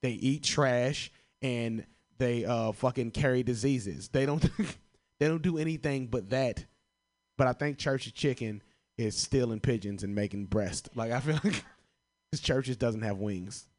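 Profane, laughing stand-up comic. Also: male voice, mid-range voice, a little slow, darkish tone. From Chicago. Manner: profane, laughing at his own jokes. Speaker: stand-up comedian. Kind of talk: stand-up comedy answering prompts.

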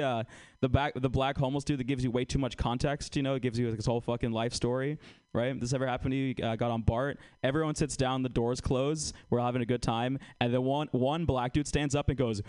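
A man's voice: medium pitch, fairly even intonation, normal speed, darkish tone, smooth. A man performing a stand-up comedy set on a club stage, ironic and conversational, often asking the crowd questions.

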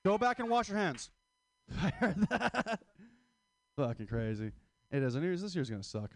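A man's voice: sits high, lively intonation, normal speed, gravelly. A man in his twenties doing a stand-up comedy set, crude, rambling and self-mocking. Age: 20s. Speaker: stand-up comic.

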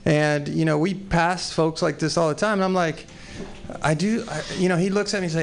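A man in his forties, from Texas, works through an improvised open mic set with a gravelly edge to his voice. His pitch sits a little high for a man. He talks in a loose, profane, self-deprecating ramble full of restarts. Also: steady tone, fairly quick. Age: 40s.

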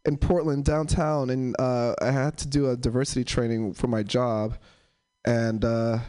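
A young man doing stand-up, telling stories and acting out characters in a high voice. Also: normal speed. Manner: animated, acts out characters in a high voice. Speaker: stand-up comedian. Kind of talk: stand-up storytelling.

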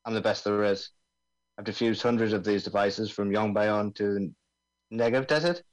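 Man doing a put-on aussie accent as a laid-back bomb expert, low voice, amateur table read. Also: steady tone, normal speed, natural voice, low-quality recording. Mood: breezy. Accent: put-on Australian. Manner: slang-heavy, breezy, stumbles over jargon. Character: brash male Australian bomb-disposal expert. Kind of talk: amateur table read over a video call.

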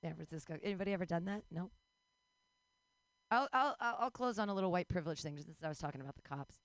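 A woman's voice: on the low side, expressive, quick pace, no room sound. A woman in her forties doing a rambling, bawdy stand-up comedy set, breaking into squeals and laughs. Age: 40s.

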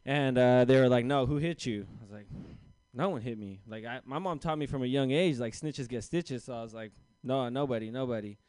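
At an open mic, a young stand-up comedian with a smooth, slightly mellow mid-range voice talks a little fast, with no echo. He loosely tells a self-deprecating story, doing voices for the people in it.

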